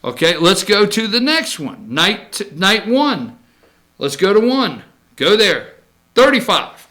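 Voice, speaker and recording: Guy ranting on politics, sarcastic, real lively up and down. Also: high voice, takes it slowly. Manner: joking, sarcastic, rambling, jumps between mock impressions. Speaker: political talk show host. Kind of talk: casual opinion commentary.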